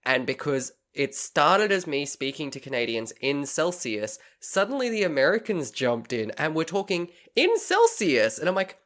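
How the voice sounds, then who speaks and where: A man's voice: fairly high pitch, big pitch swings, normal speed, hardly any pauses, fairly bright tone. A man, co-hosting a casual podcast, chatty and prone to slipping into playful voices while telling stories. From Australia. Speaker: podcast co-host. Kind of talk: casual chat, storytelling.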